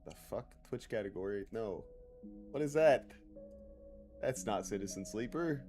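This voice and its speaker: A man's voice: lowish voice, lively intonation, a little slow, darkish tone. Male streamer, casual and profane, bantering with chat over faint game music. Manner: loose, joking and profane, reads chat aloud. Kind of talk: casual live-stream chatter.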